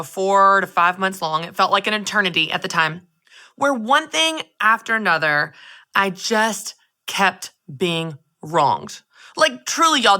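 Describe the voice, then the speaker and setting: A woman hosting her own show, giving a lively, expressive faith-based talk straight to her listeners. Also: mid-range voice. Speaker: podcast host. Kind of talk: casual faith-based monologue.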